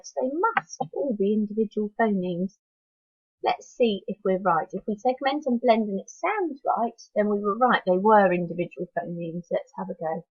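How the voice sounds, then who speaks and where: A woman teacher leading a phonics lesson for young children, slowly sounding out letters one at a time and encouraging them to join in. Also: mid-range voice, no room sound, muffled recording. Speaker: primary school teacher.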